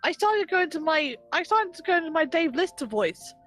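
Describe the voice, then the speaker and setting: A woman's voice: very high-pitched, sing-song, a little fast, fairly bright tone, soft background music. A woman streamer in casual chat, self-deprecating and prone to rambling tangents.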